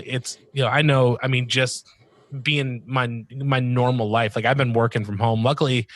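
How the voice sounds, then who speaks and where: A man's voice: medium pitch, fairly bright tone, no echo. A man hosting a podcast in loose, friendly conversation, his voice sitting in an ordinary mid range. He rambles through his thoughts with plenty of fillers and laughs easily. The sound is close and dry. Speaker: podcast host. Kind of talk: casual chat.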